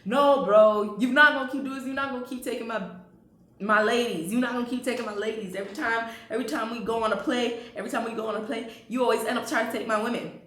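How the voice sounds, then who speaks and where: A woman's voice: a little high, steady tone, fast talker, fairly bright tone, a little hiss or hum, voice pushed up, close to an everyday voice. A woman voicing an indignant teenage boy who insists and repeats himself, told in a storytime vlog. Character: cocky teenage boy complaining to his friend. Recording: roomy echo.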